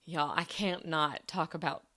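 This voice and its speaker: A woman's voice: sits low, fairly even intonation, measured pace, sharp tone. A young woman hosting a solo podcast, chatting in a bubbly, upbeat way and laughing often. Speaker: podcast host. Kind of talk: casual solo podcast chat.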